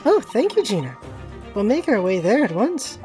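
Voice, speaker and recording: A woman's voice: fairly high pitch, very animated, normal speed, mellow, soft background music. A woman voicing an earnest young male defense lawyer who gets flustered easily.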